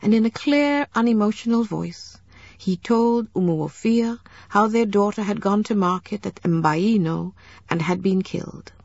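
A woman narrating a novel as an audiobook, in a measured, steady storytelling manner, in a dull lo-fi recording. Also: mid-range voice, gravelly, no echo.

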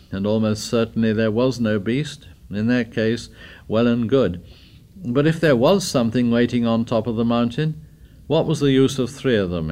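A man narrating a novel for an audiobook, measured and deliberate. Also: medium pitch, a little mellow.

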